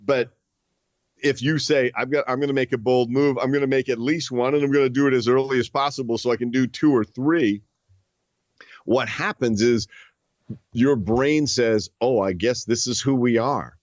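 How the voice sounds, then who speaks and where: A man's voice: medium pitch, fairly even intonation, dry recording, lo-fi sound. A man talking as a guest in a casual interview, full of restarts and fillers, from the northern United States. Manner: halting, many restarts and fillers. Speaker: guest author.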